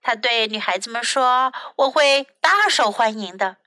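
A woman teacher reading a children's storybook aloud in two languages, slow and expressive. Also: fairly high pitch, no room sound.

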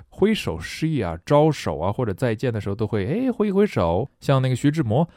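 A man's voice: mid-range voice, sing-song, a little fast, hardly any pauses, mellow, no room sound, clean studio sound. A man teaching an English lesson in a playful, jokey way. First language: Chinese. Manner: playful, jokey, switches between languages. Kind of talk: lively English lesson with story reading.

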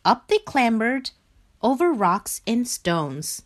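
A woman reading a children's picture book aloud in a slow, clear and expressive way. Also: mid-range voice. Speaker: storybook reader.

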